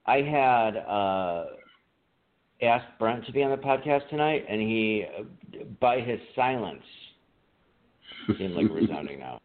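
A man's voice: fairly low pitch, animated, a little slow, pauses often. A man co-hosting a podcast in casual chat, joking around with a profane, laughing manner. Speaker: podcast co-host. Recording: tinny phone-like audio.

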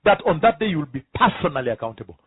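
A man's voice: on the high side, sing-song, rapid-fire, husky, no echo. A man preaching a sermon, emphatic and repetitive, often turning to ask the listeners rhetorical questions. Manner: emphatic, repeats key phrases, asks the audience rhetorical questions. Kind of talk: sermon teaching. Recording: tinny phone-like line.

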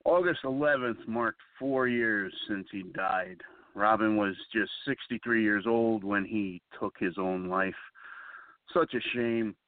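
A middle-aged man from East Haven hosting a talk show, speaking haltingly and somberly with many pauses. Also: fairly low pitch, dry recording. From East Haven, Connecticut. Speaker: show host. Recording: tinny phone-line sound.

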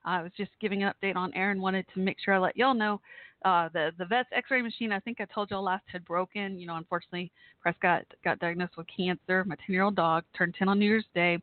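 A woman's voice: mid-range voice, steady tone, fast talker, no room sound. Texas woman, call-in host, rambling casual chat, dry tinny phone sound. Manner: rambling, chatty, laughs often. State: worried, holding back tears.

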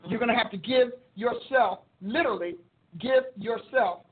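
A woman preacher and show host teaching in a sermon style, expressive and quick to laugh, acting out her prayers. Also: fairly high pitch, husky. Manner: expressive, acts out prayers and quotes, laughs often. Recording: tinny phone-like audio.

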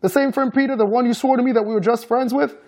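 A man's voice: very high voice, fairly even intonation, quick pace, darkish tone, voice pushed up. A man voicing a frustrated young man pleading with his partner in an urgent, rising way.

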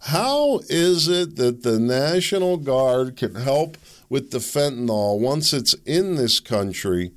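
A man's voice: medium pitch, very animated, takes it slowly, few pauses. A man hosting a solo commentary show, rambling and opinionated, with sardonic asides. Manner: rambling, opinionated, sardonic, with mocking put-on quotes. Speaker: podcast host.

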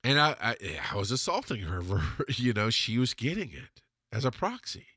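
A man telling a personal story in a blunt, profane, confessional monologue, dropping to a murmur and then bursting out loudly. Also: very animated, normal speed, husky, no room sound. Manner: blunt and profane, swings from low murmur to loud outbursts. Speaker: podcast host answering a listener question.

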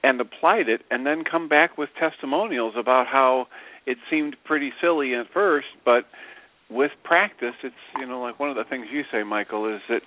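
A man's voice: medium pitch, normal speed. A man co-hosting a radio show, explaining his ideas in a reflective, casual way. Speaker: radio co-host. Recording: tinny phone-line radio audio.

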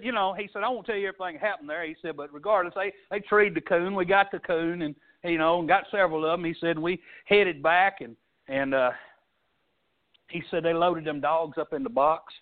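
Folksy preacher on a tinny line. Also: male voice, a little high. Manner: folksy storytelling preacher, swings loud and soft. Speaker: pastor. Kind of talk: sermon. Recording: tinny phone-like sound.

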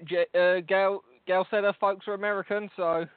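A man's voice: sits high, flat delivery, moderate pace, clear, resonant tone, dry recording. A man with a London accent co-hosting a podcast, teasing and swearing in rambling casual banter. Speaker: podcast co-host. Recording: tinny phone-like line, dry.

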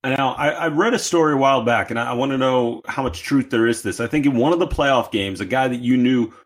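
A man's voice: medium pitch, fast talker. A man hosting a podcast, asking long rambling questions. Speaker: podcast host. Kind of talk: interview questions.

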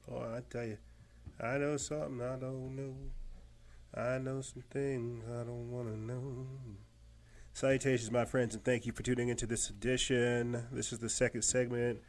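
Guy doing his podcast, rambly and worked up, mid pitch, does little mocking voices. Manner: rambling, emphatic, laughs at his own quotes. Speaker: podcast host. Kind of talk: casual monologue.

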